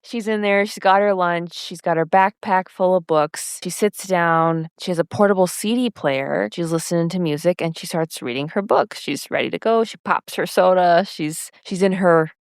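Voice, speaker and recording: A woman's voice: lowish voice, normal speed, few pauses, smooth, no echo, studio quality. A woman co-hosting a podcast, casually recapping a TV episode and often laughing as she quotes the characters. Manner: retells scenes quoting characters, laughs often. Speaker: podcast co-host.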